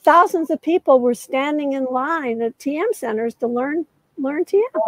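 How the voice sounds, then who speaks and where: A woman's voice: high voice, moderate pace, no echo, poor audio. A woman in her seventies, a guest author, telling a detailed story in conversation with frequent "uh" fillers. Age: 70s.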